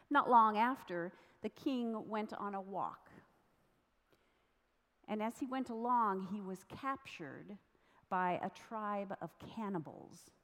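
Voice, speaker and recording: A woman from the United States preaching a sermon, telling a story in a slow, measured way. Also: medium pitch. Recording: long reverb of a large hall.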